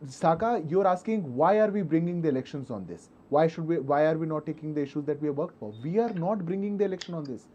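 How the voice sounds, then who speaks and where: A man's voice: on the high side, quick pace, few pauses, dark tone, lo-fi sound. A man with an Indian accent speaking emphatically as a party spokesperson in a televised political debate. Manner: emphatic, rising insistence.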